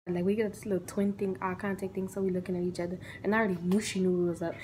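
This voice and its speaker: Lively young woman telling a storytime. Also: medium pitch, rapid-fire, slight background noise, low-quality recording. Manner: animated, acts out the people in her story. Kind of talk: casual storytime vlog.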